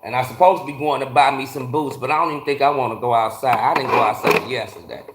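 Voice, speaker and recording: A man's voice: medium pitch, fast, fairly bright tone, slight background noise. Profane, ranting man in an echoey garage. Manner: blunt, profane ranting, greeting chatters by name. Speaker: livestream host. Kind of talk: casual livestream chat with viewers.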